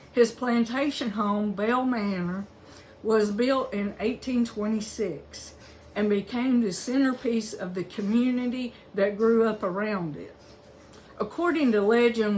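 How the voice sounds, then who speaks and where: A woman's voice: a little high, a little hiss or hum. A woman, reading a local history book aloud in a chatty way, with asides and self-corrections. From Alabama, US.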